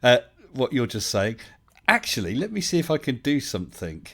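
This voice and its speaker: A man's voice: medium pitch, huge pitch swings, normal speed. A man, hosting a casual live stream and chatting his way through viewer comments with lots of fillers and restarts.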